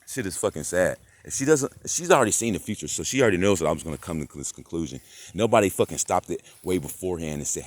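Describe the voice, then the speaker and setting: A man vlogging a rambling, profane rant that swings between muttering and loud outbursts. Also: sits low, expressive, quick pace, a little hiss or hum. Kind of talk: rambling monologue.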